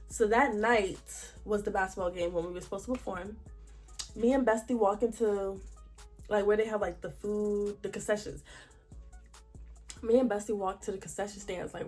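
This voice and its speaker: A young woman telling a storytime vlog in a chatty, slangy, expressive way. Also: medium pitch. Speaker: vlogger.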